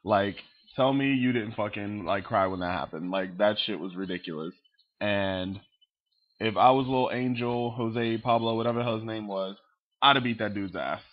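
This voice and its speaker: A man's voice: on the low side, moderate pace, lo-fi sound. A man ranting casually about movie scenes to his webcam, swearing a lot and acting out characters. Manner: profane, animated, mimics characters. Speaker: vlogger.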